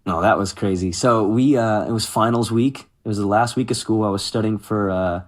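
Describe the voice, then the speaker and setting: Stories from his years in music pour out of a man in his thirties, whose voice sits on the low side and moves at a brisk pace. The interview is casual, and he animatedly quotes people in lively voices as he acts out their lines.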